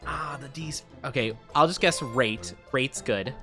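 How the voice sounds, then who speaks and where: A young man streaming a word game in casual chat. He rambles excitedly, laughs often and jokes at his own expense. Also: medium pitch, unhurried, soft background music.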